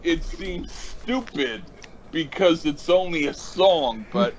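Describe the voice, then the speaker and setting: A man's voice: a little high, expressive, slow, slight background noise, rough recording. A man co-hosting a casual album-review chat, a little drunk and swearing through a mock-furious rant. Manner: profane, mock-furious ranting. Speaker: podcast co-host reviewing albums.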